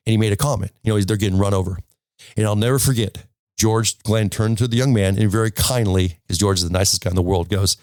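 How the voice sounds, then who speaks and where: A man's voice: lowish voice, steady tone, fast, a little mellow, no echo. A man giving a casual golf lesson to camera, emphatic and telling stories, checking in with "okay?" all the time. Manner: storytelling, full of restarts. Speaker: golf instructor. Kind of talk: casual instructional talk to camera.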